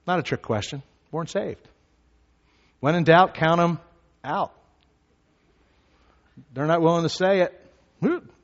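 A male pastor preaches a sermon in a church sanctuary. His voice sits a bit high, and the hall gives it a long echo. The sound is slightly dull, and his delivery swings from measured teaching to loud shouting.

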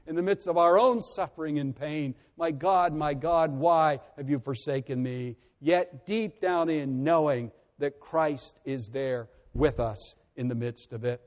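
A man preaching a sermon as pastor, earnest and measured, often letting his voice sink softly at the ends of phrases. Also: a little high. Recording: muffled with long reverb.

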